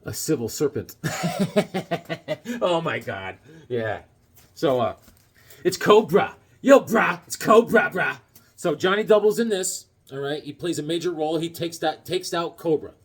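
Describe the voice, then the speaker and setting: A man with a somewhat high-pitched voice chats his way through a comic book review. He rambles loosely, leans on fillers and tag questions, and slips in the odd pun. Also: expressive, normal speed. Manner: jokey, with puns.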